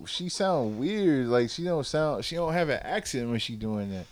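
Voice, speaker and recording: A man's voice: medium pitch, expressive, normal speed. A man co-hosting a podcast, joking playfully and stumbling into restarts. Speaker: podcast co-host. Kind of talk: casual chat.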